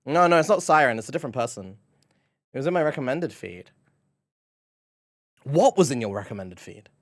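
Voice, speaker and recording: A man's voice: medium pitch, lively intonation, fairly quick, no echo, clean studio sound. A man with a British accent chatting playfully with his viewers on a live stream, often breaking into giggles. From Britain. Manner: playful, giggly, reacting to chat.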